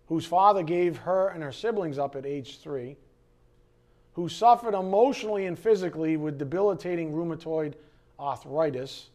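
A middle-aged man preaching a sermon in an animated, conversational way, with frequent asides to the congregation. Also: on the high side, a little slow. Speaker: pastor.

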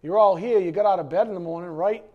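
A middle-aged pastor delivers his sermon in a lively, conversational way, full of asides to the listeners. His voice sits a little on the high side for a man. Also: fast, highs cut off. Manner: animated and conversational, with frequent asides.

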